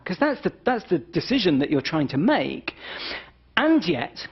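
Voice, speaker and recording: A British man in his forties, a doctor giving a public lecture in a wry, animated way, often checking in with "right?". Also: high-pitched, moderate pace, husky, dull audio. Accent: British English. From Britain. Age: 40s.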